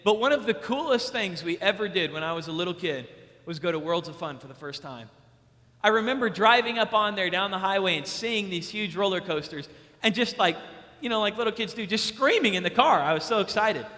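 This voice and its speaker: A young man preaching a sermon to youth, emphatic and repetitive, acting out stories with sudden loud excitement. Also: high voice, fairly quick. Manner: emphatic, repeats key lines. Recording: long hall reverb.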